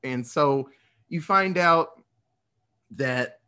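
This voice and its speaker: A man's voice: on the high side, very slow, pushed and bright, smooth. Rambling, swearing man recapping a film. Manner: rambling, swearing, laughing storyteller. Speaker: podcast host. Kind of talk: casual movie recap.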